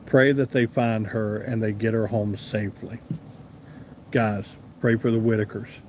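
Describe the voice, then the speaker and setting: A man's voice: fairly low pitch, level tone, a little slow, a little hiss or hum. A man with a Southern US accent hosting a casual live stream, chatting easily and answering viewers by name. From American South. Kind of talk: casual live chat reading comments.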